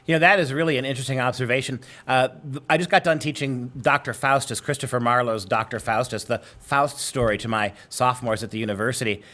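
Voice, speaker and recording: Male professor, mid-range voice, lively and explanatory, conversational. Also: medium pitch, quick pace. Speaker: literature professor. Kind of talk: conversational discussion.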